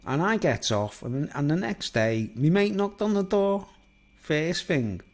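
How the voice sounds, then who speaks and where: A man's voice: fairly high pitch, very animated, measured pace. A man telling a long personal story in a loose, rambling way, with lots of "like" and "you know". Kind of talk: rambling spoken anecdote.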